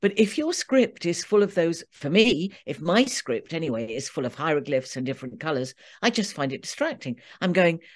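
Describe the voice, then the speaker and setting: Expressive woman with a lively, lowish voice. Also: moderate pace, hardly any pauses. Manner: expressive, acts out example line readings. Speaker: guest audiobook narrator and coach. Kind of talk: interview conversation.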